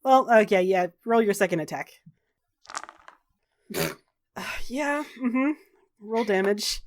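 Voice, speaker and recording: A woman running a tabletop game as game master, narrating and calling the rules briskly with offhand fillers. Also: medium pitch, animated, a little hiss or hum.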